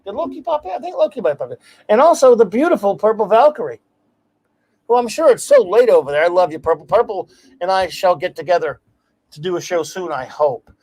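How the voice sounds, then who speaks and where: A man hosting a casual livestream, talking in an enthusiastic, rambling way and giving effusive shout-outs. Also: sits high, very animated, brisk. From United States. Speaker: host.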